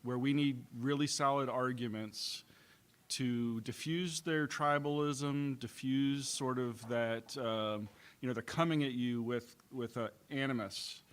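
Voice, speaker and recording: A man's voice: mid-range voice, steady tone, measured pace, clean tone. A man earnestly asking a question from the floor at a convention, searching for words. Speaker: audience member asking a question. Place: convention meeting room.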